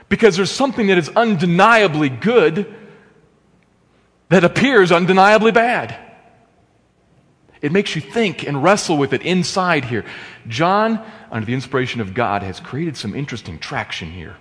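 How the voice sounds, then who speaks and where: A man preaching a sermon, swinging between quiet, measured teaching and impassioned exclamations and rhetorical questions. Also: on the high side, very animated. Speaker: pastor. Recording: long hall reverb.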